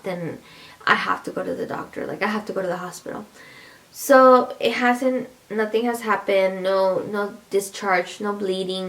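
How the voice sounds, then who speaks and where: Chatty woman with a gravelly edge. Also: medium pitch. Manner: chatty, rambling, laughs often, addresses viewers. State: pregnant. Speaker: vlogger. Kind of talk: casual pregnancy update vlog.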